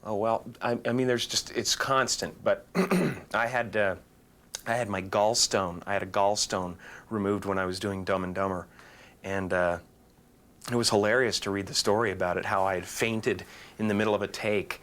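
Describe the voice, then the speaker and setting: A man with a fairly low, bright, forceful voice tosses off deadpan jokes in an interview. He slips into goofy noises at will. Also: normal speed. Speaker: actor guest. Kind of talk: joking interview answers.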